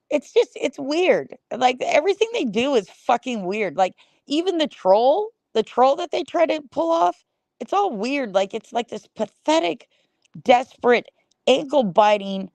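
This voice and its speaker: A woman's voice: medium pitch, a little mellow, dry recording. A middle-aged woman streaming a blunt, scornful rant, swearing in nearly every sentence. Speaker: livestreamer. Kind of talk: profane livestream rant.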